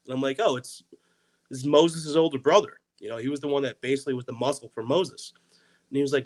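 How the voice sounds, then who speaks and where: A man's voice: medium pitch, fast, rough recording. Rambling man telling a story. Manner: rambling, heavy use of "like". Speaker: comedian guest. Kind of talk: casual podcast storytelling.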